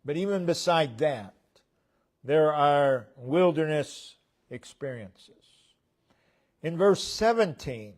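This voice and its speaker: A man delivers a sermon in a church at an unhurried, measured pace. His voice sits slightly high for a man, and he breaks his points into short phrases that fall away at the ends. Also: animated, darkish tone. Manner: slow, deliberate preaching with pauses between phrases. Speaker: preacher.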